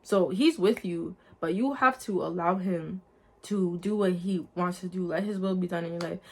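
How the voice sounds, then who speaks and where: A woman's voice: on the low side, moderate pace. A young adult woman sharing a personal faith testimony in a casual, earnest storytelling way, talking straight to her viewers. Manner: earnest, lively storytelling, addresses viewers as guys.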